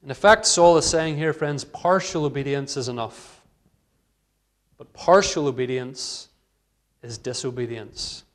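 A man's voice: mid-range voice, a little slow. A man preaching an earnest expository sermon, reading scripture aloud and voicing its dialogue with rising emphasis.

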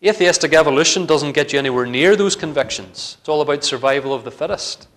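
A man's voice: fairly high pitch, fast, fairly bright tone. A man preaching a sermon in a church, earnest and building to fervent emphasis.

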